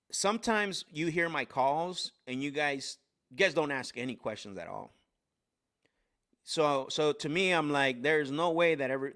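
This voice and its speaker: Brief: male host, mid-pitched voice, lively unscripted coaching talk, fast storytelling full of restarts and "right?" tags. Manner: energetic storytelling, many restarts and fillers. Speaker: sales coach hosting a live stream. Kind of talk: casual live-stream coaching talk.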